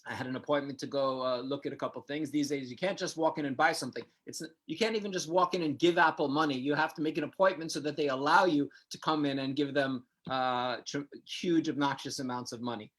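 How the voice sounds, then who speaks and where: A man from New York hosting a live Q&A, telling stories in a chatty, animated way. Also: fairly high pitch, quick pace, hardly any pauses. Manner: chatty, animated anecdote-teller. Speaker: host, community center director. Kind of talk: live Q&A casual storytelling.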